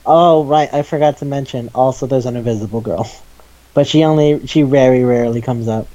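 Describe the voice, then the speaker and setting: Man, casual podcast chat, animated, mellow dark voice, dull lo-fi sound. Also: mid-range voice, fairly quick. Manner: animated, acts out scenes with quoted lines, swears freely. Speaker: podcast co-host. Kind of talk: casual chat about manga.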